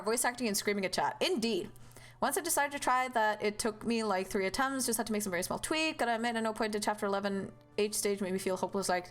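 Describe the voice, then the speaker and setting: A young woman streaming a game, chatting casually and animatedly with viewers, with loud outbursts and swearing. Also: mid-range voice. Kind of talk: casual live-stream chat.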